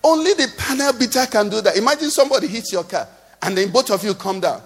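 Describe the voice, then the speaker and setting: A Nigerian pastor with a notably high voice delivers his sermon in a rhythmic, singsong cadence. He keeps turning to the congregation with questions. The sound carries a long reverb from the church hall. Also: expressive, fast, breathy edge. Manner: rhetorical questions to the congregation, sing-song cadence.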